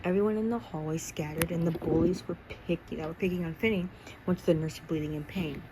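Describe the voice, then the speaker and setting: A woman's voice: fairly low pitch, fairly even intonation, quick pace, noisy background. A young woman casually reading her own second-person fan story aloud, stumbling and restarting now and then. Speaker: amateur reader.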